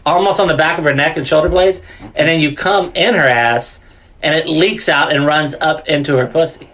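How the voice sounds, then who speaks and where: A man's voice: on the high side, normal speed, fairly bright tone. A young man co-hosting a crude, casual podcast, rambling with lots of fillers and laughing at his own jokes. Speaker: podcast co-host.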